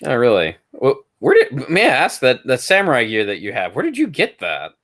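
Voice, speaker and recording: A man co-hosting a casual podcast chat, relaxed and curious, asking many questions. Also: mid-range voice, fairly quick.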